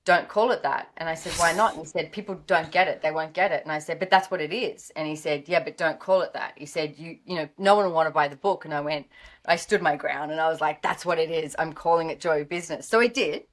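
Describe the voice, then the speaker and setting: Lively Australian woman telling stories. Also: sits low, fast talker. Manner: lively storyteller, acts out quoted dialogue. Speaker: guest, business author. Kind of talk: casual storytelling interview.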